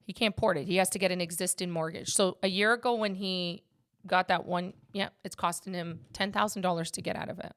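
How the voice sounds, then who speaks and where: A woman's voice: lowish voice, steady tone, brisk, a bit bright. A woman hosting a casual podcast as a mortgage agent, talking with emphatic passion and speaking straight to her listeners.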